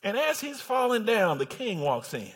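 A man preaching a sermon, telling the story in animated bursts that swing from shouts down to hushed tones. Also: high voice, moderate pace.

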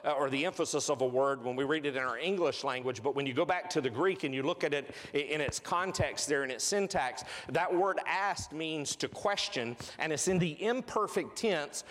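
A man delivering a sermon in a voice pitched a little above the usual male range. He preaches earnestly, drawing out key phrases and repeating them for weight. His words ring out with a long reverb, as if in a large hall. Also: fairly bright tone. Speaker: pastor.

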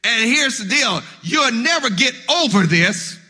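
A male pastor delivering a funeral sermon, with rhythmic preaching that swells into shouted, sung cadences and words repeated as he starts his phrases, in a church sanctuary. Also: very high-pitched, animated, a little slow, breathy edge. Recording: long hall reverb.

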